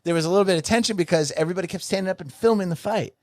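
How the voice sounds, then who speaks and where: Profane, animated man telling stories. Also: high-pitched, rapid-fire, dry recording, studio quality. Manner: profane, animated, acts out quoted people. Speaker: podcast co-host. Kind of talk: casual comedic storytelling.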